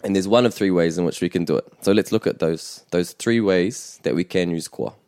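A man hosting a bilingual language lesson, explaining in a measured way with small restarts. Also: sits low, darkish tone. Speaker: te reo Māori teacher and podcast host.

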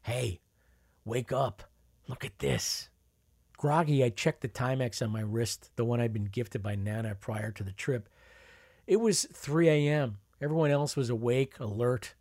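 A man's voice: mid-range voice, normal speed, darkish tone, dry recording, studio quality. A man narrating a memoir in a wry, conversational storytelling manner. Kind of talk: memoir reading.

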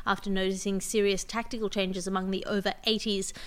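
A woman's voice: medium pitch, flat delivery, a little fast, fairly bright tone, clear, resonant tone. A woman hosting a comedy podcast, reading absurd news items and fake ads in a mock-serious newsreader manner. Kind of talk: deadpan comic news reading.

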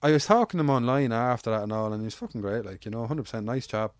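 An Irish man recounts his fights in a rambling, casual way, swearing freely as he goes. He talks quickly at a middling pitch. The sound is dry and close, with no room around it. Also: no room sound. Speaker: guest, amateur MMA fighter. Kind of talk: casual storytelling chat.

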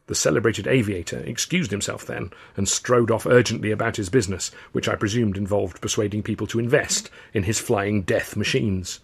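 Gravelly, wry male narrator. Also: on the low side, fairly even intonation, a little fast, hardly any pauses. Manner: wry storyteller's delivery. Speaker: author reading his novel. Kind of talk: scripted narration.

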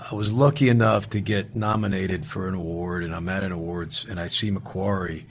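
Low gravelly guy, kinda husky, chatting away in an interview, tells stories and acts out the people in them. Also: normal speed. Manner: animated anecdote-telling, quoting others, many restarts. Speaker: actor guest. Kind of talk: casual interview storytelling.

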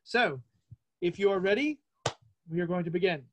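A man in his forties hosting a casual interview, playful and chatty, with quick asides. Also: high-pitched, animated, a bit bright, a little hiss or hum. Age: 40s. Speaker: podcast host.

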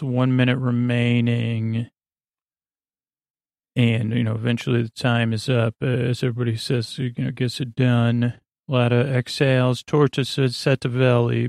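Male podcast host, gravelly, flat delivery, rambling recap for sleep, halting with fillers. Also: mid-range voice, no room sound, clean studio sound. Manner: halting, many fillers and self-corrections.

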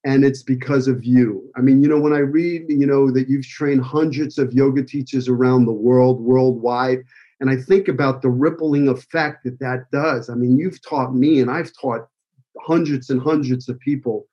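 A man's voice: medium pitch, steady tone, moderate pace, slightly rough, lo-fi sound. A man with a New York accent giving an emotional, rambling tribute speech full of fillers. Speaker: acting school owner giving a tribute speech. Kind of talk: heartfelt personal speech.

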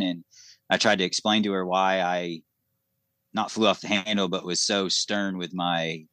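A man's voice: low voice, fairly even intonation, moderate pace, fairly bright tone, clear, resonant tone, no room sound. A man co-hosting a podcast, telling an easygoing story in casual conversation. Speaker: podcast co-host.

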